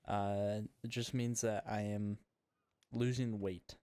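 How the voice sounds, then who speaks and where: Slow, rambling man chatting while gaming. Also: fairly low pitch, flat delivery, a little mellow, clear, resonant tone, dry recording. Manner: rambling and self-mocking, with many fillers. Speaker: gaming podcast host. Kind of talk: casual chat while playing a game.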